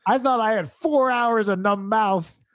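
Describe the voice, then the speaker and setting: A man's voice: high voice, a little slow, fairly bright tone, no echo, studio quality. A man hosting a comedy podcast, telling a rambling, exasperated story with laughs mixed into his sentences.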